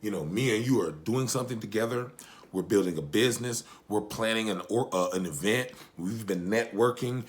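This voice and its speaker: A man's voice: on the low side, a little fast. A man reviewing a TV episode in casual recap chat, joking and swearing, with asides to his wife. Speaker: TV show reviewer.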